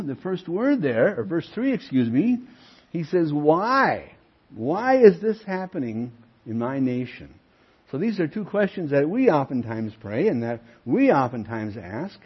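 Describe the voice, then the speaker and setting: An older male pastor preaches with a husky, fairly high voice that swings widely in pitch. He presses each point with earnest emphasis and talks straight to his flock. The recording sounds dull and lo-fi. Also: sing-song, a little slow. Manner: earnest preaching, emphatic, addresses listeners as friends. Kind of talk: sermon.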